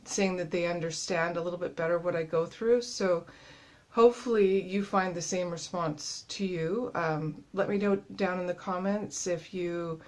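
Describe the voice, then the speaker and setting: A woman in her thirties talks straight to her viewers in a casual video diary. Her voice sits a little low, and she sounds winded and run down. She speaks haltingly, with frequent pauses and fillers. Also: darkish tone. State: winded, tired from illness. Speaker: vlogger.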